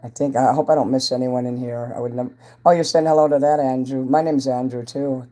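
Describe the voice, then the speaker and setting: A man hosts his own livestream, chatting loosely and greeting viewers as they come in. His voice is mellow and a little dark. He rambles from topic to topic in an offhand, casual way. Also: mid-range voice, fairly even intonation, a little fast. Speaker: entertainer hosting a livestream.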